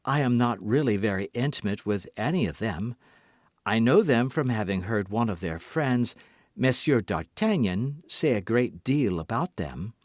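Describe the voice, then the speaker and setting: A man voicing a cold, cunning noblewoman who speaks smoothly and feigns warmth. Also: lowish voice, lively intonation, unhurried, no echo, clean studio sound. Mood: guarded.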